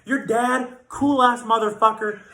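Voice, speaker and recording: A man's voice: very high-pitched, steady tone, measured pace, creaky, bright, forceful tone. A man giving comedic fantasy football power rankings, trash-talking teams in crude, profane language and often tagging lines with "okay?". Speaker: fantasy football league commissioner. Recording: echoey room.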